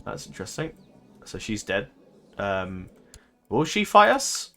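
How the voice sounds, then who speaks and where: Bright-voiced man rambling over gameplay. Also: lowish voice, sing-song, measured pace. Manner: rambling, thinks aloud, swears and laughs easily. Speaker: gaming commentator. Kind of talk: casual let's-play commentary.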